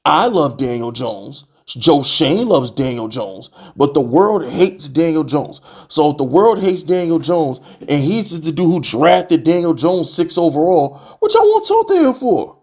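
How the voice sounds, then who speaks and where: A young man hosting a sports fan channel, ranting to camera in an exasperated, animated way, full of rhetorical questions and repeated jabs. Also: fairly high pitch, measured pace, few pauses. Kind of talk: heated fan rant to camera.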